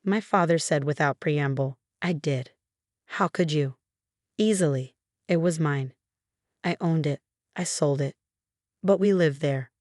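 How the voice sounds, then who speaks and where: A woman in her thirties reading a first-person family story aloud, voicing every part in the same steady, even way. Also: deep voice, no room sound, studio quality. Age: 30s. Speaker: narrator. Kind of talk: scripted story narration.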